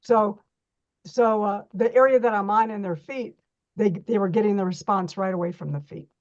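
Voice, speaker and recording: A woman's voice: medium pitch, fairly even intonation, normal speed, lo-fi sound. Chatty middle-aged woman teaching reflexology. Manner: chatty, repeats words, restarts often. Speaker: reflexology workshop instructor. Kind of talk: online workshop teaching.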